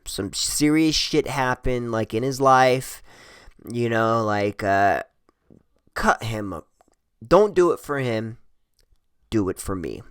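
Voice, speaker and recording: Man doing his buddy, low voice, coaxing and confiding, dry close sound. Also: animated, slow pace, pauses often, clean tone, no echo. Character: calm young male friend pleading.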